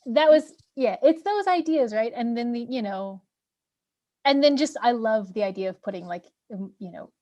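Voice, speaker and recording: A woman's voice: on the high side, expressive, normal speed, warm tone, lo-fi sound. A woman hosting a casual interview, enthusiastic and rambling with many fillers. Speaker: interview host. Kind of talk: casual video-call interview.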